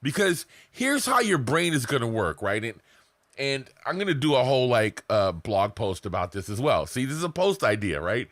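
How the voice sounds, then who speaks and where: A man's voice: mid-range voice, very animated, moderate pace, a bit bright, no echo. Profane rambling man coaching marketers. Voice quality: profane, rambling, self-mocking. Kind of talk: casual teaching to camera.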